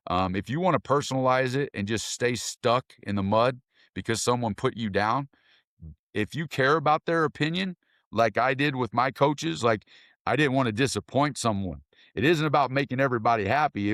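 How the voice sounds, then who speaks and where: Brief: male coach from Kentucky, earnest, animated storyteller, dry close sound. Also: lowish voice, dry recording. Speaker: football coach and mentor. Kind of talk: casual interview talk.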